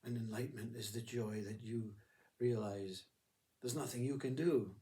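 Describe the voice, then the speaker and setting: A man's voice: medium pitch, steady tone, normal speed, dark tone, recorded from a distance. A man giving a reflective spiritual talk who acts out inner voices as he speaks. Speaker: spiritual teacher.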